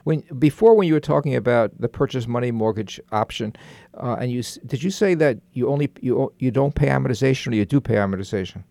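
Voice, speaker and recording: A radio host from New York asks questions in a halting way, stopping and restarting his words. His voice is gravelly with vocal fry. The sound is dry and close. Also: medium pitch, mellow, no echo. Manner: halting, self-correcting questions. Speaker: radio talk show host. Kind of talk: radio talk show interview.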